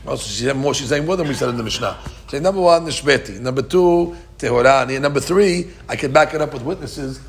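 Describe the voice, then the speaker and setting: A man with a gravelly, fry-edged voice teaches Talmud, working through each line and explaining it in his own words. He often stumbles and repeats words as he goes. Faint noise hums in the background. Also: mid-range voice, quick pace, few pauses. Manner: translates Aramaic phrase by phrase with frequent restarts. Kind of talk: Talmud study lesson.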